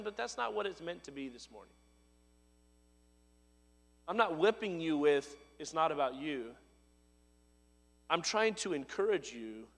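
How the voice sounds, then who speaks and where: A man preaching a sermon, his voice swelling to loud emphatic lines and dropping low and soft. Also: long reverb tail. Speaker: pastor.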